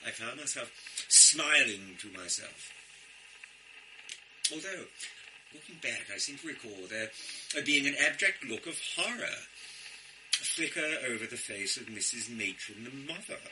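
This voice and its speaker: An actor playing a vain, florid out-of-work actor who tells a tale with pompous, self-admiring flourishes. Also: male voice, medium pitch, expressive, unhurried, long pauses, noisy background, close to an everyday voice. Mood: conspiratorial. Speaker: storyteller. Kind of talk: theatrical one-man storytelling.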